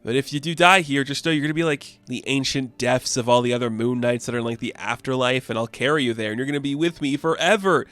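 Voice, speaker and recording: A man's voice: medium pitch, quick pace, hardly any pauses, a bit bright, no echo, faint music behind, natural voice. A man voicing a smug ancient male moon god who taunts and claims possession. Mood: taunting.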